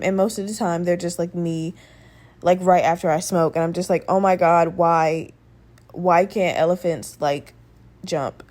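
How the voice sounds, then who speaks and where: A woman hosting her own podcast in a casual, rambling, profane chat, her voice still a little rough from a respiratory infection. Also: mid-range voice, warm tone. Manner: rambling, profane, conversational, with many fillers. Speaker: podcast host.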